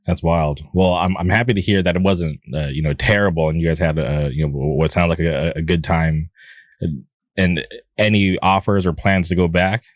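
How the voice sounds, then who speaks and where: A man from California hosts the chat in a low voice, often stalling on repeated words and fillers. The recording is dry and close. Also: steady tone, moderate pace, no room sound. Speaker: podcast host. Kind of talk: casual interview chat.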